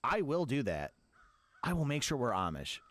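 A man's voice: medium pitch, very animated, moderate pace, a bit bright. A man, a gaming streamer, doing comic role-play as a dad, talking in a mock-parental, scolding, sing-song way.

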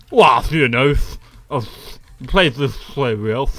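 A man doing a halting footballer interview voice. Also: mid-range voice, animated, fairly bright tone, no room sound, low-quality recording. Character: bumbling English footballer in an interview.

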